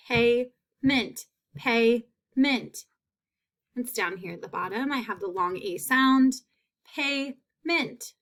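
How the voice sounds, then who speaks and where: A woman teacher giving a phonics lesson, stretching out sounds and repeating each word slowly. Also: medium pitch, fairly bright tone.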